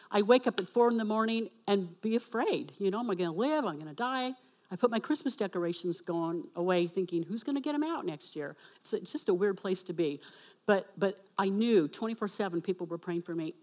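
A woman giving a personal testimony in church as a speaker and worship leader. She acts out the dialogue and spells words out slowly for emphasis. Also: medium pitch. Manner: animated storytelling that acts out dialogue.

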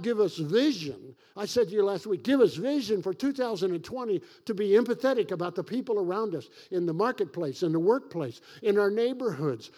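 High-voiced pastor from Kentucky preaching. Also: male voice, warm tone. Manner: folksy, self-joking asides; emphatic preaching with dramatic slowdowns. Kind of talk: sermon.

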